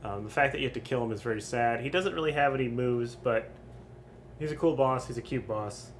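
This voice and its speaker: A man's voice: mid-range voice, a little fast, a little hiss or hum. A young man streaming, ranking game bosses in casual, rambling, profane commentary full of ums. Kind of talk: casual crude gaming commentary.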